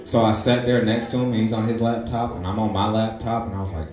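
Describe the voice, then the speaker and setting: A man in his twenties doing a stand-up comedy set, telling stories with loud acted-out quotes. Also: on the low side, flat delivery, quick pace, distant mic, a crowd in the background. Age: 20s. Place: comedy club stage. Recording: echoey live room, audience laughter. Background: audience laughing.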